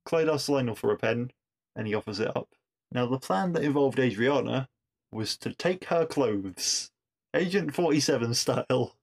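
A man talks through an episode in a relaxed, chatty recap. His voice sits in an ordinary middle pitch, and he sounds amused as he trips over and restarts his sentences. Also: moderate pace, creaky. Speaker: podcast reviewer.

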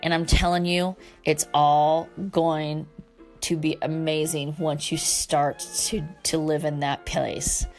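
A woman's voice: low voice, level tone, takes it slowly, darkish tone, soft background music. A woman hosting a solo talk show, speaking earnestly and from the heart to her listeners, with the odd casual swear word. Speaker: podcast host.

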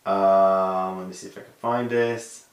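Low-voiced man giving an emphatic lecture. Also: steady tone, unhurried, reverberant. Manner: emphatic, swings between loud stresses and quiet asides; sprinkles in Hebrew and Yiddish terms. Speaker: podcast lecturer. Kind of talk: conversational Torah lecture.

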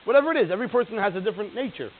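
A man giving an informal Torah class to a group, animated, laughing and acting out the voices he quotes. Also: high voice, very fast. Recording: tinny phone-line sound with faint hiss.

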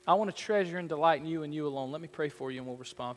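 A man's voice: on the high side, very fast, hardly any pauses, in a large hall. A man preaching as a pastor, earnest and rising into fervent prayer, in a church sanctuary. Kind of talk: sermon.

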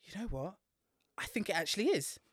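A speaker, co-hosting a casual podcast and retelling a film in an animated way, laughing often and swearing freely. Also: mid-range voice, fairly quick, no room sound, studio quality. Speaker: podcast co-host.

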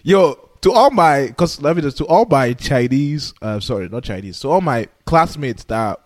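A young man co-hosting a podcast, talking in a casual, boastful and animated way, swearing freely. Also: medium pitch, moderate pace. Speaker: podcast co-host. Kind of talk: casual chat.

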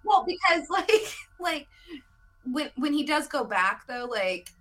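A woman guesting on a podcast, chatting about a movie in a giggly, animated way and swearing casually. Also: sits high, slow pace. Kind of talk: casual movie review chat.

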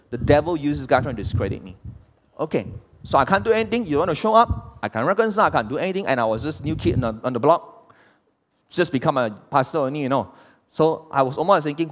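A man's voice: on the high side, lively intonation, quick pace. A man, preaching a sermon as pastor and throwing rhetorical questions at the congregation. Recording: long hall reverb.

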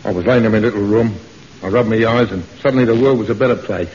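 A man's voice: fairly low pitch, fast talker, a little mellow, slight background noise. A middle-aged man in a 1950s British radio comedy, playing a bashful, lovestruck tough. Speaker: comic co-star in a radio sitcom. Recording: dull old radio recording.

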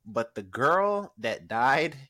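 A man co-hosting a casual podcast, who speaks earnestly in halting phrases. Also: mid-range voice, big pitch swings, sharp tone, dry recording. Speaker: podcast co-host. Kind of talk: casual chat.

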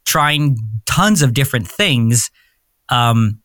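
A man's voice: mid-range voice, animated, slow, a bit bright, no echo, clean studio sound. A man in his forties, a podcast guest telling his story in a candid, rambling way and often searching for words. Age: 40s. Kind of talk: casual interview storytelling.

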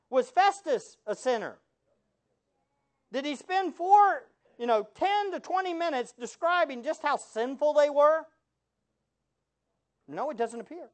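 A man preaching from the pulpit with a lively voice that swings widely up and down. He keeps asking the congregation rhetorical questions and slips in sarcastic asides. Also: very high voice. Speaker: pastor. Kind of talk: sermon.

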